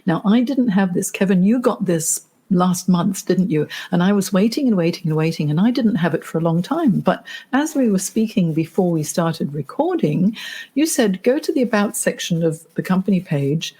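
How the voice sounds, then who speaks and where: A middle-aged woman career coach hosting a podcast interview, telling stories in a lively, animated way. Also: lowish voice, moderate pace, slightly rough.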